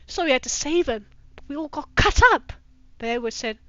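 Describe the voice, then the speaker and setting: A woman's voice: high-pitched, moderate pace, bright, forceful tone, no echo, highs cut off. A woman doing a comedic dramatic reading of fanfiction, breaking off for sarcastic, swearing asides and putting on mock-dramatic voices. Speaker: streamer reading fanfiction aloud.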